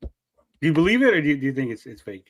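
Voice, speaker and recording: A man's voice: fairly high pitch, big pitch swings, quick pace. A man in casual podcast chat, laid-back, blunt and joking. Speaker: co-host.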